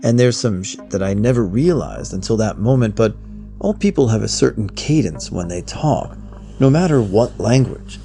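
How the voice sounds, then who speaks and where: A man's voice: fairly low pitch, expressive, normal speed, creaky, mellow, soft background music. A man narrating a first-person horror story in a blunt, profane, conversational way.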